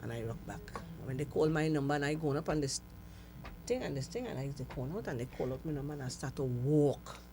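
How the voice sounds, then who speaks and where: A woman's voice: low-pitched, fast talker, mellow, a little hiss or hum. A middle-aged woman with a Trinidadian accent, a guest telling her story with laughter and emphasis. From Trinidad and Tobago. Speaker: interview guest. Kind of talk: animated storytelling.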